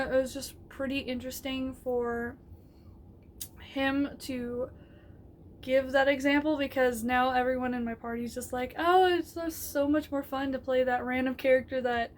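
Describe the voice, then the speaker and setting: High-voiced woman giving rambling advice. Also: a little hiss or hum. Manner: rambling, many fillers and restarts, laughs often. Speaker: tabletop game player giving advice. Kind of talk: casual advice vlog.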